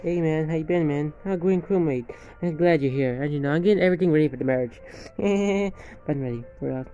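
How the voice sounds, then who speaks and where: A man's voice: on the high side, a little fast, warm tone, lightly acted. A man voicing a nervous young groom and his friends in hobby voice acting, rambling and repetitive. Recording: dull lo-fi with faint music.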